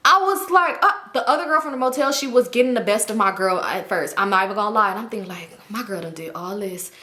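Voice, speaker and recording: Animated, slangy young woman telling a story. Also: on the high side, fast. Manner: animated, slangy and profane, lots of fillers. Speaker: storytime YouTuber. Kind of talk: casual storytime.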